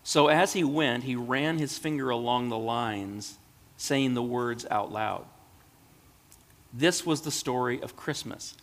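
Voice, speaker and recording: A man reads a storybook aloud in a gentle, measured voice. His pitch is middling, and a long hall reverb lingers behind each phrase. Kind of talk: storybook reading.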